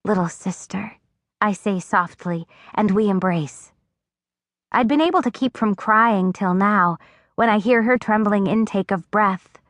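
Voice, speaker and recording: A woman narrating a first-person audiobook in an expressive storytelling voice, recorded on a close studio mic. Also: medium pitch, unhurried, no room sound. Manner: expressive, acting out dialogue.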